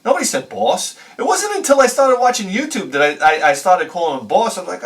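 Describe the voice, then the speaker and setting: A man hosting a retro game video, telling rambling stories in an animated, profane way and laughing at his own jokes. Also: high-pitched, fairly quick, hardly any pauses, far from the mic. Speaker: retro game channel host. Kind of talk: rambling storytelling review.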